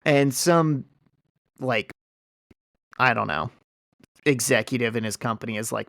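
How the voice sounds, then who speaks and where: Man excitedly retelling a story, dry sound. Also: medium pitch, measured pace, creaky, pauses often, no echo. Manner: animated storytelling with many fillers. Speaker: podcast host. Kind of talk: casual chat recapping a comic.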